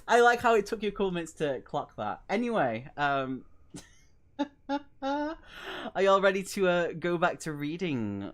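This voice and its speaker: Stream host for a read-along session, lively pitch, laughs often, rambles and mocks themself, slips into a soft low mutter. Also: a little slow. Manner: giggly, rambling, self-mocking. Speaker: livestream host.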